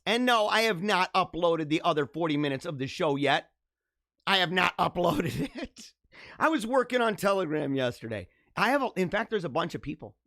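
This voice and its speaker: A man hosting a casual live stream, reading viewer comments, animated and jokey, laughing often. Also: a little high, dry recording, clean studio sound.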